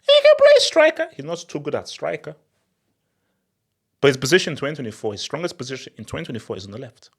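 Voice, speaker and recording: A young man hosting a football channel, talking in an excitable, laughing rant. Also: medium pitch, quick pace, creaky, pauses often, breathy edge. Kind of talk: animated football commentary vlog.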